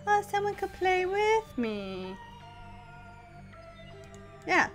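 A young woman hosting a gaming channel, giving excitable, playful, self-mocking let's-play commentary. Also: very high-pitched, drawn-out words, soft background music.

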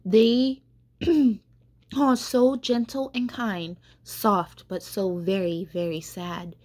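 A woman's voice: mid-range voice, level tone, takes it slowly, a little mellow. A woman voicing a proud young male tree, anxious and pleading as he wonders aloud in a storybook. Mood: troubled.

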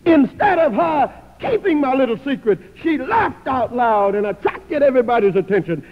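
A man's voice: very high-pitched, expressive, moderate pace. A man preaching a sermon, telling a story dramatically and acting out the people in it. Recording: tinny phone-like sound with long hall reverb.

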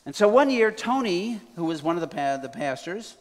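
A man preaching a sermon in a church sanctuary, telling his story in a folksy way with a fairly high voice. His words ring with a long reverb through the big room. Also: moderate pace. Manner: folksy, building to excited. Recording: reverberant hall.

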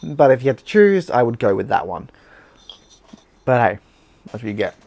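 A man's voice: medium pitch, big pitch swings, moderate pace, vocal fry, background noise. Blunt Australian man tasting beer. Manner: blunt, chatty, mixes in swearing and slang. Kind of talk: casual beer review vlog.

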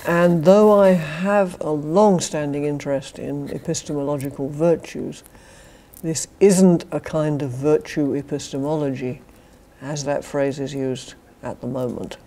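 Against slight background noise, an older British philosophy professor lectures a university society in a low, warm voice, a little slow and fairly even in intonation. Her British English is laced with wry, dry humour and chuckled asides.

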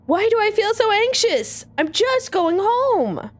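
High, lively woman reading a game aloud. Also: takes it slowly, soft background music. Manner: dramatic, expressive reading. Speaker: let's play co-host. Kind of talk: reading a visual novel aloud.

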